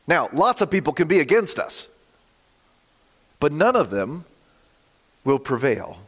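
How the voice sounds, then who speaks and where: A man preaching a sermon with a slightly croaky voice, earnest and emphatic, slowing for dramatic drops. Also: on the high side, big pitch swings, a bit bright. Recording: long hall reverb.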